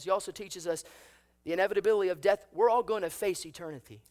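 A man's voice: high voice, fast talker. A man preaching a sermon, telling a story with acted voices and asking the congregation rhetorical questions. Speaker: pastor.

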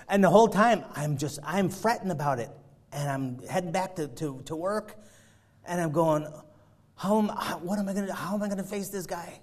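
A man preaching a sermon, telling a personal story with animated, laughing retellings before building to loud exhortation. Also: high voice, moderate pace. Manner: animated storytelling, acts out his own panic with laughter.

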